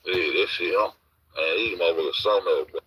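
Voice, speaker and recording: A man's voice: low voice, fast, sharp tone, husky, poor audio. A man hosting a livestream, rambling and cursing casually while reading the chat. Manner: profane, rambling, teasing. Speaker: livestream host.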